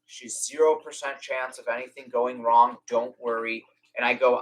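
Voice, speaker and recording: A young man with a bright, forceful voice hosts a casual live-stream Q&A. He talks in a chatty way and acts out little conversations in lively quoted voices. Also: medium pitch, fairly quick, low-quality recording. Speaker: reptile rescue host.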